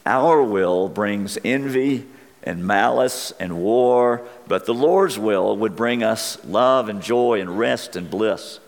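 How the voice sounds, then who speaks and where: A man preaching a sermon as pastor, earnest and deliberate, his voice wearing thin. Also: lowish voice, in a large hall.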